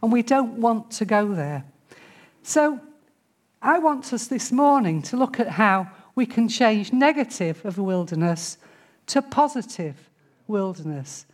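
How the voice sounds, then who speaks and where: A woman's voice: fairly high pitch, animated, unhurried. A middle-aged woman preaching a sermon in church, talking to the congregation in a conversational way and now and then mimicking grumbling voices.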